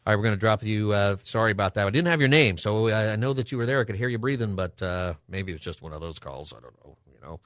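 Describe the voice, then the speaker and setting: A man hosting a call-in radio show, thinking aloud and halting with ums and restarts. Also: fairly low pitch, expressive, fairly bright tone, no echo.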